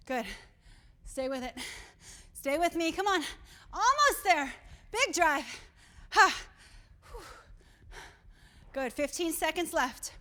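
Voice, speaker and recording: A woman's voice: very high-pitched, very animated, slow, pauses often, bright, forceful tone. A woman coaching a workout while doing it herself, out of breath, encouraging and counting down the seconds. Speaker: fitness instructor.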